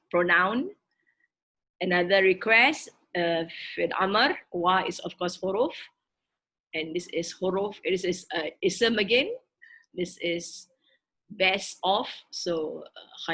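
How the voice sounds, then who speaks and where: A woman teaching a recorded grammar lesson, explaining terms word by word in a halting way with frequent fillers. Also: lowish voice, fairly bright tone, breathy edge, poor audio. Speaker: Quranic Arabic teacher.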